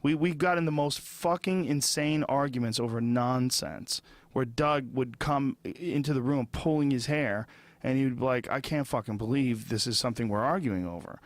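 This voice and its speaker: A man hosting a podcast, swearing freely as he tells stories in casual conversation. His voice sits at a middle pitch. It is recorded close and dry in a studio. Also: moderate pace, dry recording. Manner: blunt, profane storytelling. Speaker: podcast host and comedian.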